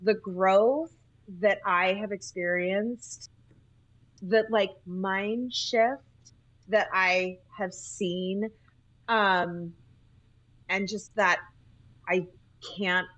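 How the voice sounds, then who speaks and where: A woman from Utah, a nurse, telling animated stories as a podcast guest, often laughing and acting out what people said. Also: mid-range voice, extremely slow, long pauses, poor audio. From Utah, USA. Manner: animated, laughing, acts out quoted speech. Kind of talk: casual interview storytelling.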